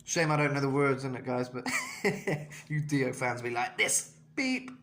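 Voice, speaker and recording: A man's voice: mid-range voice, steady tone, normal speed, fairly bright tone. A young man giving a casual vocal lesson, talking loosely with self-mocking asides between demonstrations. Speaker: vocal coach.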